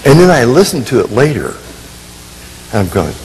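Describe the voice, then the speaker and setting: A man telling a personal story in a sermon, animated and poking fun at himself, acting out what people said. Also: medium pitch, moderate pace, pauses often, big-room sound, slight background noise, rough recording. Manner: animated, self-mocking humor, acts out quotes. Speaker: Christian minister and family counselor.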